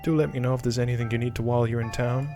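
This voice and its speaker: A man voicing a gracious, enigmatic middle-aged woman in a slow, motherly old-lady voice while reading game dialogue aloud. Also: medium pitch, steady tone, dark tone, soft background music, close to an everyday voice. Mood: genteel.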